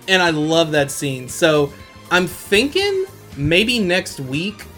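A man's voice: high-pitched, very animated, very slow, a bit bright, faint music behind. A young man hosting a podcast, recapping an anime in casual, slangy chat and laughing often. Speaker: podcast host.

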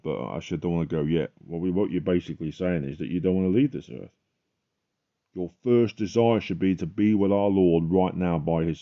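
A man's voice: low-pitched, mellow, lo-fi sound. A man hosting a podcast, giving a fervent, emphatic religious testimony.

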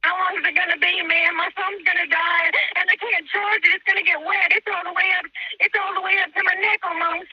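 A woman's voice: very high voice, fairly even intonation, brisk. Panicked woman pleading on a phone line. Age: 40s. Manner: pleading, repeating herself. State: panicked, close to tears. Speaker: emergency caller. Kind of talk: emergency phone call. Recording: dull phone line, dry.

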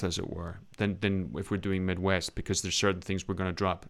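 A British man, an acting coach, critiquing a student's scene with animated, emphatic talk and acted-out examples. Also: deep voice, brisk, vocal fry, hardly any pauses. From Britain. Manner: animated, emphatic, demonstrates lines.

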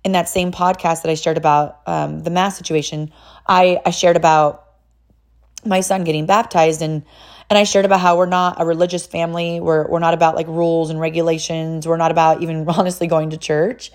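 A woman's voice: low voice, fairly quick. A woman from California, a mother, telling personal stories in a casual monologue, chatty and full of "like" fillers. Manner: chatty, frequent "like" fillers, animated retelling with quoted voices.

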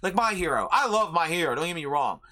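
A man's voice: on the high side, big pitch swings, fast talker, bright, forceful tone. A young man hosting an anime review show, rambling casually with heavy swearing and lots of filler words.

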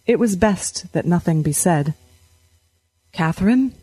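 A woman's voice: mid-range voice, lively intonation, moderate pace, mellow, no room sound, soft background music. Woman narrating fiction, dry close sound. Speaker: audiobook narrator.

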